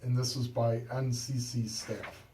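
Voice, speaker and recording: Pria pembawa acara bincang radio, sarkastis. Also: male voice, mid-range voice, little pitch movement, measured pace, dark tone, recorded from a distance, slight background noise, low-quality recording. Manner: sarcastic, jokey, reads from an article. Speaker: radio talk show host. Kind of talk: casual political talk chat. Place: radio studio.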